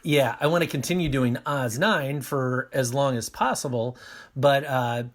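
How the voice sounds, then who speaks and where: Upbeat man with halting fillers. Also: medium pitch, fairly even intonation, slight background noise. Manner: hesitant with many fillers and restarts, upbeat. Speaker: podcast cast member. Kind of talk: casual chat.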